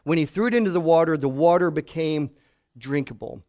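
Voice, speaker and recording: A middle-aged pastor preaching a sermon to his congregation, telling stories and dropping to a hush for emphasis. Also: on the high side, a little fast. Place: church hall before a congregation.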